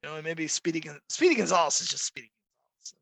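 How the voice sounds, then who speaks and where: Animated gravelly-voiced man. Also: on the high side, rapid-fire, no room sound, rough recording. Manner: animated storyteller, acts out quoted voices. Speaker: podcast co-host. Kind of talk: casual chat.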